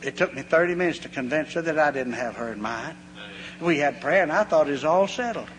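Speaking briskly in a fairly high voice, a man delivers a folksy sermon of homespun stories, acting out their voices with animation. Long hall reverb and a faint hum color the recording.

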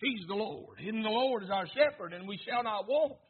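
Male preacher, husky high-pitched voice, fervent rhythmic delivery, tinny lo-fi recording. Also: animated, normal speed. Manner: fervent preaching, swings from near-whispers to shouts; rhythmic repetition, asks congregation to repeat. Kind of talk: sermon.

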